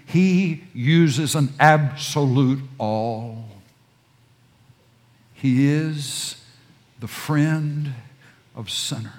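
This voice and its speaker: A man's voice: medium pitch, takes it slowly, darkish tone. A man preaching a sermon, dropping to near whispers and then rising to urgent, repeated emphasis. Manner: repeats and restarts phrases when pressing a point.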